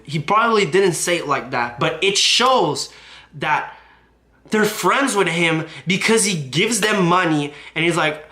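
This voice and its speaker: A man's voice: sits high, lively intonation, a little slow, sharp tone. A man recapping online drama on his YouTube channel, profane and indignant as he talks. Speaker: YouTube commentator.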